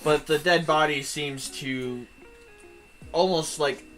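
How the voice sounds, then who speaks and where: A woman's voice: low voice, takes it slowly, soft background music. A woman narrating as game master of a tabletop game on a live stream, hesitating with fillers as she describes scenes.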